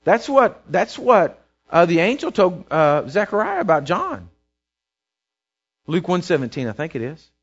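Preacher guy, lively sing-song delivery, talks right to the crowd, goes soft n quiet for prayers, kinda muffled recording. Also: high voice, measured pace. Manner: conversational, checks in with listeners, shifts to soft quiet voice for prayers. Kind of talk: sermon. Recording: dull lo-fi recording.

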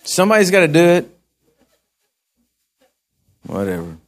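Man preaching, folksy asides to the pews, higher voice that swings widely. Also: huge pitch swings, measured pace. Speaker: pastor. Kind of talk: sermon.

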